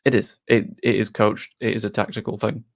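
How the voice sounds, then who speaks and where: A man hosting a football channel, chatting casually as he answers viewer questions with quick asides. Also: on the low side, level tone, vocal fry. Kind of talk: casual live-stream Q&A.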